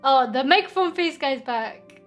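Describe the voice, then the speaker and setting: A young woman chats casually on a stream, reading out comments and giggling. Her voice sits high. Faint music plays underneath. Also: animated, measured pace, fairly bright tone. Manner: giggly, bubbly, reads comments aloud. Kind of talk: casual chat reading viewer questions.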